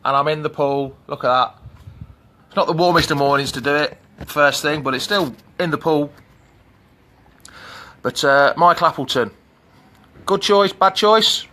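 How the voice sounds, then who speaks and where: A man's voice: a little high, fairly even intonation, normal speed, pauses often, bright, forceful tone. A middle-aged man with an English Midlands accent, chatting casually on a live stream from an outdoor pool and greeting viewers by name. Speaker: fan channel host. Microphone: phone camera.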